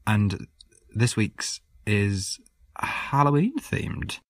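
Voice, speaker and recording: Low husky guy cohosting a podcast, jokey, dry close sound. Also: very slow, a bit bright, dry recording. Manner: jokey, reads quotes with playful emphasis. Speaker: podcast co-host. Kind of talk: casual chat, reading old newspaper letters.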